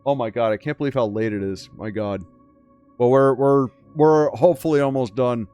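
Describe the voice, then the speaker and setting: A man's voice: medium pitch, normal speed, a little mellow, smooth, soft background music. Man reading a game story, swearing asides. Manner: crude, swearing asides, reacting with disbelief. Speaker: gaming channel host. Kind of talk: reading a game story aloud with casual commentary.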